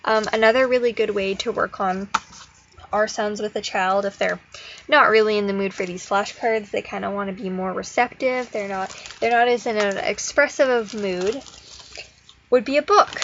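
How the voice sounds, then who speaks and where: A woman explaining speech therapy activities in a casual, encouraging way. She slows into a sing-song when she models phrases. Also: mid-range voice, a bit bright. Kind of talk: instructional explanation with modeled child-directed prompts. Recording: slightly dull audio with faint noise.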